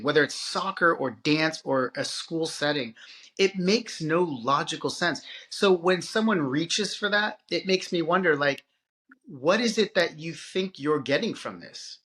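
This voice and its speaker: A man co-hosting a parenting podcast, talking casually and in an animated way, often restarting his sentences. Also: a little high. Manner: animated, halting with restarts and filler. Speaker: podcast co-host. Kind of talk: casual conversation.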